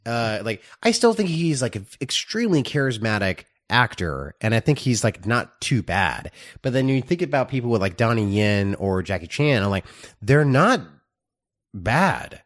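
A man co-hosting a casual movie podcast. His voice is fairly low for a man, and his pitch swings widely as he talks. He stumbles and restarts, leaning on "like" and "you know.". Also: very animated. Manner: rambling, halting, many fillers. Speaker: podcast co-host. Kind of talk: casual film review chat.

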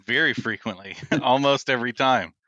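A man chatting as a podcast guest, telling stories in a relaxed way with frequent laughs. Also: medium pitch, moderate pace, no room sound, muffled recording. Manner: storytelling, laughs often, relaxed. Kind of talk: casual chat.

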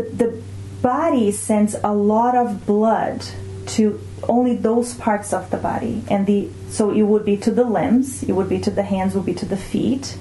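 A woman speaks as a mindfulness teacher in an interview, calm and reflective, slowing down on key words. Her voice is mellow and soft-edged. The room around her adds a noticeable echo. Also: medium pitch, a little hiss or hum. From Brazil. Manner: calm, reflective, often slows to stress words. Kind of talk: explanatory interview talk. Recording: roomy echo.

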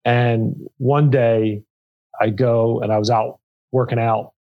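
A man's voice: mid-range voice, little pitch movement, slow pace, phone-quality sound. Middle-aged nonprofit leader, male, earnest and candid, mid-range voice, restarts a lot, podcast guest. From Pennsylvania. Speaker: nonprofit co-founder and CEO. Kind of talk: podcast interview.

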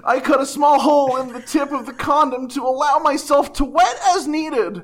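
A man co-hosting a comedy podcast, reading an odd post aloud in a wry, deadpan way. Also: extremely high pitch, normal speed.

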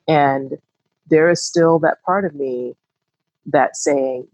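A woman's voice: low-pitched, expressive, measured pace, a little mellow, breathy edge, dry recording, low-quality recording. A woman co-hosting a podcast, speaking candidly and reflectively in a casual, heartfelt conversation. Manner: reflective, candid, rising emphasis. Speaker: podcast co-host.

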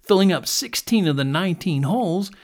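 Expressive man reading a children's story. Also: fairly quick. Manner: expressive, drops to a hush at quiet moments; builds in pitch and loudness as the action rises.

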